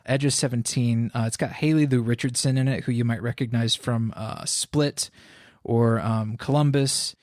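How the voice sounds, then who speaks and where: A man's voice: medium pitch, fairly even intonation, moderate pace, a little mellow, no echo, clean studio sound. A man co-hosting a film podcast, recommending movies in an enthusiastic, casual way. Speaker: podcast co-host. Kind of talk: casual film review chat.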